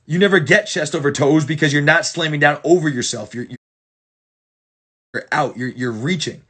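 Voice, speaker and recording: A man's voice: fairly high pitch, moderate pace, a bit bright, breathy edge. A man coaching football players through film, blunt and profane, stumbling and repeating words for emphasis. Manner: blunt and profane, many restarts. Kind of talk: casual film breakdown for clients.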